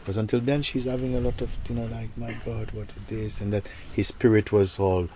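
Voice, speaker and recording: A man, a spiritual teacher, telling a story to listeners in a reflective, soft-spoken way that often sinks almost to a whisper. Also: on the low side, level tone, a little fast, slight background noise.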